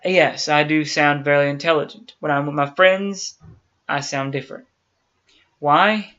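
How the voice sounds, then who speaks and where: A man's voice: fairly high pitch, fairly even intonation, measured pace, pushed and bright. A man hosting a YouTube channel, talking earnestly and directly to his viewers in a casual chat. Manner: earnest, talks straight to viewers. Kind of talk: casual talk to camera. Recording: dull lo-fi sound.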